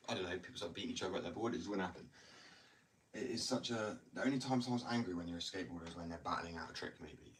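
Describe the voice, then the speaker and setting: A man's voice: low-pitched, a bit bright. A man, a skateboarder, talking in a loose, rambling casual chat full of "like" and "you know", recorded at home. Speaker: skateboarder talking about skating. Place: indoors at home. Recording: distant mic with faint noise.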